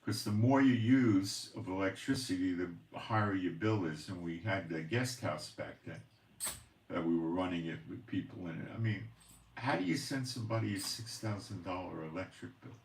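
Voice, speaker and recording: Exasperated deep-voiced man, roomy and distant. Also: moderate pace, darkish tone, a little hiss or hum. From Israel. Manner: exasperated, complaining, sighing. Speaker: channel host, prophecy commentator. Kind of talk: rambling personal monologue. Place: home in the Galilee, Israel. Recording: roomy echo, voice off-mic.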